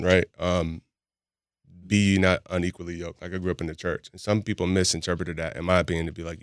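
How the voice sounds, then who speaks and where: Fast-talking deep-voiced man. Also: dry recording, studio quality. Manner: candid, laughs often while telling stories. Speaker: podcast guest, boxing gym founder. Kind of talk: casual storytelling chat.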